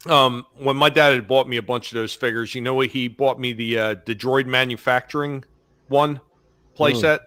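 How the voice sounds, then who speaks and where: Bright-voiced chatty man. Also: mid-range voice, steady tone, normal speed, no room sound, clean studio sound. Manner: nostalgic, chatty. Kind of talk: casual chat.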